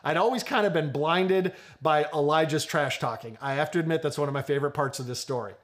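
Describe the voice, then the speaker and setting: Male pastor, high voice, animated sermon delivery with humor. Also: brisk. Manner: animated, joking, addresses congregation directly.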